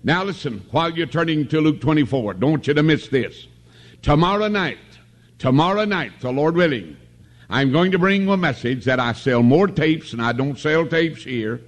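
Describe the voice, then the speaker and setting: A middle-aged man preaches a revival sermon in a tabernacle, his voice sitting a touch higher than most men's. He talks in a folksy, homespun way, mixing jokes with calls for amen. He speaks into a stage microphone. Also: lively intonation, moderate pace.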